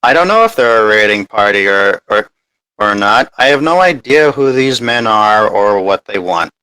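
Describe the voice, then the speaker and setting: A man's voice: lowish voice, expressive, moderate pace, bright, forceful tone, clear, resonant tone, dry recording, rough recording. A man playing a tabletop game, speaking cautiously and often stumbling over his words. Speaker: player.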